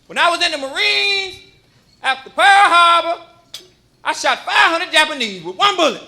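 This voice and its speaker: A man voicing a loud, boastful, half-deaf old grandfather. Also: very high voice, expressive, normal speed, vocal fry, voice pushed up, heavily acted. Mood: hollering. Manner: hollering, boastful. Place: comedy club stage.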